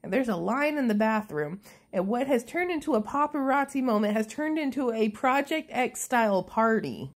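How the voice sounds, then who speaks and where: A woman's voice: fairly high pitch, expressive, normal speed. A woman recapping a movie in a casual, chatty way, sarcastic and full of swearing.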